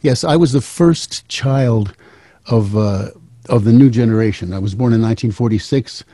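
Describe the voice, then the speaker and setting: A man's voice: mid-range voice, normal speed, warm tone, dry recording. A man in his seventies telling a family story in a casual, wry, rambling way. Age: 70s. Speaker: musician and storyteller.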